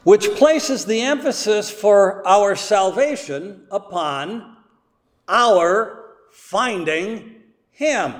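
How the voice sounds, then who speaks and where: A high-voiced man preaches a sermon at an unhurried pace, stressing each key word with weight. His voice rings out with a long church-hall reverb. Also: expressive. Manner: slow and deliberate, with strong emphasis on key words. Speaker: pastor.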